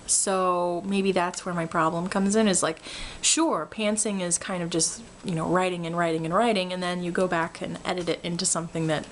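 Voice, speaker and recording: A woman's voice: lowish voice, normal speed. Caffeinated woman rambling to her camera, laughs a lot, faint hiss behind her. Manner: rambling, laughing often, energetic. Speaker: writing vlogger. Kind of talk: casual chat to camera.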